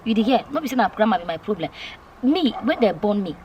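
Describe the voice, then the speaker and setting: A woman's voice: medium pitch, very animated, fast talker, darkish tone, a little hiss or hum. A Nigerian woman vlogging to camera, chatting casually, repeating her points and asking viewers questions. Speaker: YouTube vlogger.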